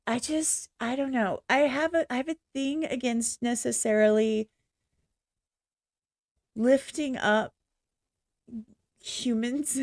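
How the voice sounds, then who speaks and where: A woman gives casual, unscripted reaction commentary, trailing off and restarting as she airs blunt opinions. Her voice sits fairly high. The sound is dry, with no room echo. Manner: rambling, halting, bluntly opinionated. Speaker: reaction channel host.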